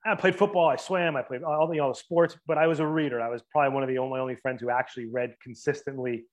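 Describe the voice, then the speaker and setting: Fast-talking man in casual interview. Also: medium pitch, steady tone. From Boston area and New Jersey. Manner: quick, rambling, with many fillers and restarts. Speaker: guest, writer.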